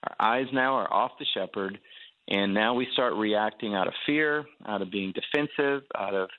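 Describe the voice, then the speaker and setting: A man with a fairly low voice tells a story in the rhythm of a preacher. He acts out the quotes and laughs at himself now and then. His voice comes over a narrow, tinny phone line. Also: normal speed, dry recording. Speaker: pastor and guest.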